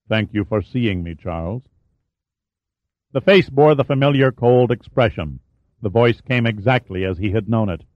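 A man narrating an audiobook in a measured, even reading. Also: medium pitch, no echo. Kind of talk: scripted narration. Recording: dull, dry studio audiobook.

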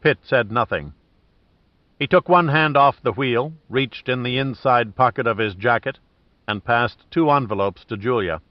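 A man's voice: mid-range voice, moderate pace, no echo. Man reading a novel, dull dry sound. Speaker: audiobook narrator. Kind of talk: scripted novel narration. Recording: dull dry studio read.

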